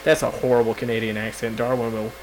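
A man's voice: mid-range voice, flat delivery, fast talker, a little hiss or hum, low-quality recording. A young man co-hosting a casual podcast, brash and heavily profane, with mock-boastful banter. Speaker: podcast co-host. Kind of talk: casual chat.

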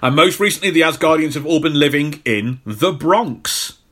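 A man's voice: a little high, animated, moderate pace, fairly bright tone. A man co-hosting a podcast, talking casually about a film with jokes and plenty of restarts. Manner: rambling, jokey, many restarts. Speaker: podcast co-host.

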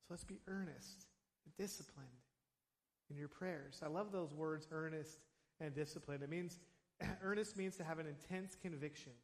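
A man pastor giving a sermon in a church, talking in an animated, conversational way with casual asides. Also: fairly high pitch, moderate pace. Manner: conversational, animated preaching with asides and acted quotes. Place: church sanctuary. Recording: long hall reverb.

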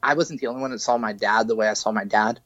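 A man guest on a podcast, telling a painful family story in halting, emotional speech full of restarts. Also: on the low side, a bit bright, no echo, dull audio. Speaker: guest, musician. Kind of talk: candid podcast interview. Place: podcast studio.

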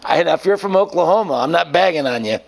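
A man's voice: a little high, expressive, fast talker, creaky. A man preaching an informal sermon in a rambling, folksy way, often restarting his sentences.

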